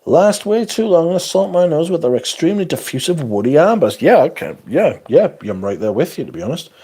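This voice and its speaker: Husky, lively man ranting casually. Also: on the high side, brisk. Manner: blunt, profane and sarcastic. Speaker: livestream host. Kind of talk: casual livestream chat reading comments.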